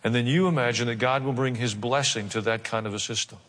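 A man's voice: mid-range voice, fairly even intonation, fast, a bit bright. A male pastor preaching a sermon, mixing wry jokes with dramatic emphasis. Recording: long hall reverb.

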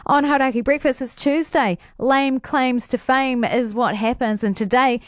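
A woman reading radio station promos in a brisk announcing manner. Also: high voice, steady tone, no room sound, studio quality.

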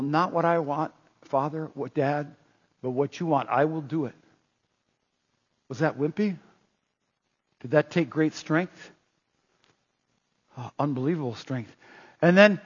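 A man preaching a sermon in an animated way, full of rhetorical questions, in a dull, echoey hall recording. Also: high-pitched. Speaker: pastor.

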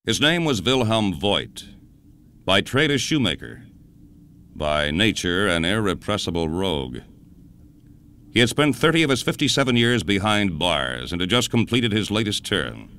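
A man hosting a radio show, telling a historical story in a measured, dramatic scripted narration. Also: lowish voice, sing-song, pushed and bright.

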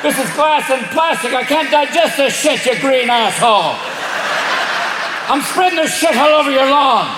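Man doing a loud Irish raccoon, cocky, profane, high and bouncy voice. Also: expressive, moderate pace, echoey room, heavy background noise. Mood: indignant. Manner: shouting, swaggering, profane. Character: cocky male raccoon raiding recycling, Irish-accented.

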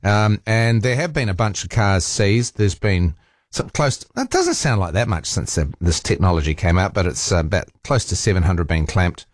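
A man's voice: sits low, lively intonation, moderate pace, no room sound, clean studio sound. A man with a New Zealand accent hosting a talk radio show, chatting casually and rambling with fillers and restarts. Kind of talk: casual talkback chat. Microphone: studio microphone.

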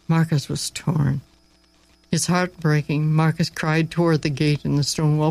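Brief: male narrator, read-aloud story, expressive with dramatic slowing, dry booth sound. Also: fairly high pitch, gravelly, no room sound, poor audio.

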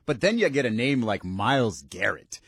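A man co-hosting a sports talk show, animated and acting out reactions. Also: medium pitch, moderate pace, slightly rough, no room sound. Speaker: sports radio co-host.

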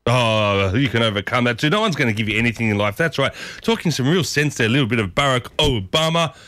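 A man's voice: medium pitch, fast, fairly bright tone, a little hiss or hum. A man hosting a breakfast radio show, chatty and upbeat, talking straight to his listeners. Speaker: radio host. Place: radio studio.

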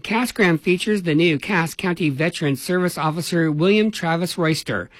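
A man anchoring a local radio newscast, reading the headlines in an even, measured way. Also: on the high side, no room sound. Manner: even, measured newsreader delivery. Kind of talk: read news bulletin.

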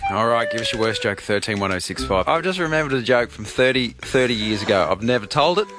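A man hosting morning radio, telling a joke in a chatty, halting way with many fillers. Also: medium pitch, animated, a bit bright, faint music behind. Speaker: radio show host.

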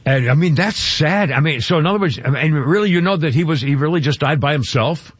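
A man's voice: a little high, lively intonation, a little fast, breathy edge, no echo, muffled recording. A male radio show host chatting casually, laughing often and tossing in chatty asides.

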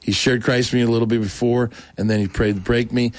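A man telling his personal story in a casual, animated way, acting out quoted dialogue with many restarts. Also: medium pitch, fairly quick, no room sound.

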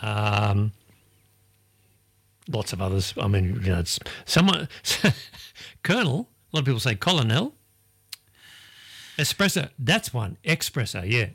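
Male radio host, casual banter, lively up-and-down delivery, laughs a lot. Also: fairly low pitch. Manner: chatty, laughs often, sounds words out slowly.

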